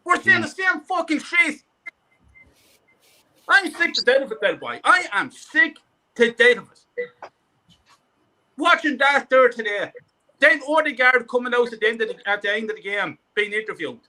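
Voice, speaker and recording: A man's voice: very high-pitched, animated, moderate pace, sharp tone. A man calling in to rant angrily about his football team, sweary and repetitive. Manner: furious, sweary, repetitive ranting.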